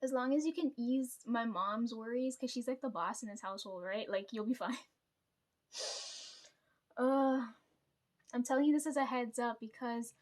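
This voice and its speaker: A young woman talking quietly to the camera at home at night, rambling and often clearing her throat, checking in with "right?". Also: on the high side, moderate pace, pauses often. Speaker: vlogger. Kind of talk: hushed confessional monologue to the camera. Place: at home at night, parents downstairs.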